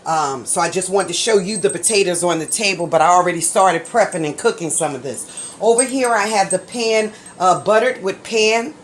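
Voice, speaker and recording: A woman whose voice is on the low side chats her way through a recipe in her home kitchen for her own cooking channel. She keeps asking "right?" and "okay?", laughs easily, and speeds up at times. Slight background noise is audible.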